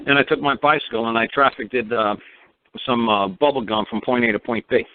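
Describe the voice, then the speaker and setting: A man's voice: medium pitch, brisk. A man from New hosts a call-in show, blunt and profane, firing off repeated rhetorical questions. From New York. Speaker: radio show host. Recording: dry, tinny phone-line sound.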